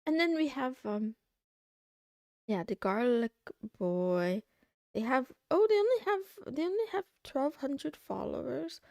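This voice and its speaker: A young woman streaming, chatting casually and rambling as she browses, thinking out loud and trailing off. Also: high voice, big pitch swings, a little slow, creaky, dry recording, studio quality. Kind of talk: casual livestream chat.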